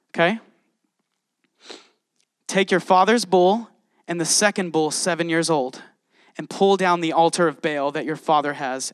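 A man preaching a casual, animated sermon, reading scripture and exclaiming often to his listeners. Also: on the high side, no room sound, clean studio sound.

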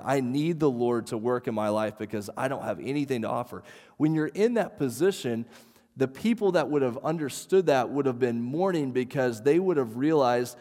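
A man's voice: medium pitch, a little mellow. A man in his thirties preaching a sermon as pastor, conversational and self-deprecating, with frequent fillers. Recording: reverberant hall.

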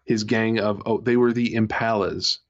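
Guy cohosting a podcast, rambly with lots of ums, kinda low voice, muffled lo-fi sound. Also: fairly even intonation, normal speed, slight background noise. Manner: rambling, many fillers and restarts. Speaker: podcast co-host. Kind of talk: casual chat reviewing a TV episode. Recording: muffled lo-fi audio.

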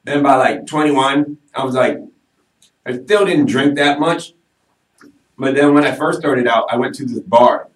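A man's voice: mid-range voice, measured pace. A male podcast guest talks openly and jokes about himself, in a middle-range voice. The room is roomy and echoing. The mic sits some distance away. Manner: candid, joking, self-mocking. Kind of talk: casual podcast chat.

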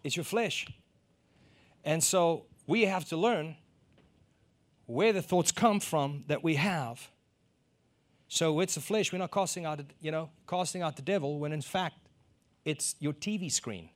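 A middle-aged man from South Africa preaching a sermon, telling a personal story and acting out the exchanges he describes, rising to loud emphasis. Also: fairly high pitch, unhurried.

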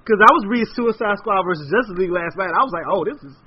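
A man hosting a podcast, chatting casually in an animated, slangy way. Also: sits high, very fast, slightly rough. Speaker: podcast host. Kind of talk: casual chat. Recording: dull lo-fi audio.

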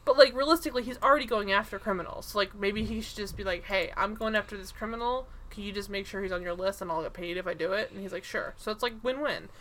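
A woman's voice: mid-range voice, quick pace, few pauses, a bit bright. A woman co-hosting a casual podcast, recapping a TV episode in a rambling way full of "like" and laughs. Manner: rambling, lots of "like", laughs while acting out scenes. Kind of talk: casual chat.

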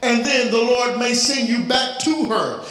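A man's voice: very high voice, a little slow, fairly bright tone. A man preaching a sermon as pastor, speaking of fatherhood and lifting his voice into pleading prayer. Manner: preaching, rising to cries in prayer. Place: church sanctuary. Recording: very echoey church hall, faint noise.

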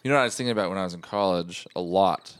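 A man's voice: low-pitched, rapid-fire, no echo. A young man co-hosting a comedy podcast, rambling through a meandering story in casual chat. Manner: rambling, meandering, self-interrupting. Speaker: podcast co-host.

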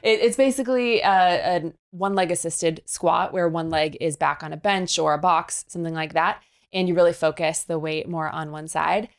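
A woman's voice: on the low side, steady tone, normal speed, few pauses, smooth. Upbeat woman trainer explaining workouts. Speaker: fitness trainer guest. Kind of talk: podcast interview conversation.

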